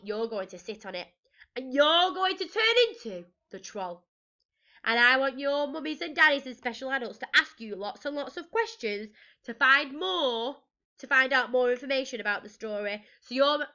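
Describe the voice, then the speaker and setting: A woman teacher from England reading a storybook aloud to young children, lively and expressive, with gasps and questions to the listeners. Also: high-pitched, muffled recording.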